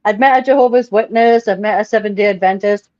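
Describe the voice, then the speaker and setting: Female co-host, chatty and enthusiastic, medium pitch, dry muffled home mic. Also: quick pace, darkish tone, no room sound. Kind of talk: casual chat. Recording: dry, dull lo-fi audio.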